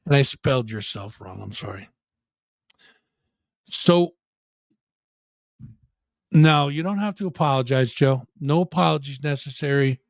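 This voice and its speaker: A man's voice: mid-range voice, lively intonation, unhurried, gravelly, long pauses, no echo, studio quality. A man hosting a live rock show stream, joking and profane, playing up a mock apology. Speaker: podcast host.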